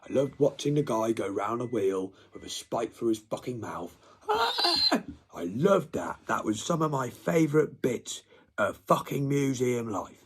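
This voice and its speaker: A husky-voiced man rants with heavy swearing. He drops into breathy whispers, then flares up loud, with a middle-range pitch throughout. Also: moderate pace. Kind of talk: profane threatening rant.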